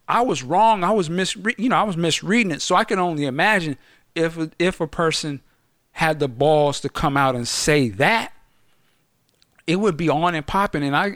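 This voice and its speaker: A middle-aged man telling a story in casual podcast chat, slangy and swearing, acting out the quotes loudly. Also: fairly high pitch, no room sound, clean studio sound.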